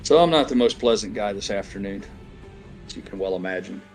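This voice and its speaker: A middle-aged man with a fairly low voice rants through a long, aggrieved story, swearing freely in casual chat. Faint music plays behind him. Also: lively intonation, a little fast. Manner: profane, ranting, aggrieved storytelling. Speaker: stream regular.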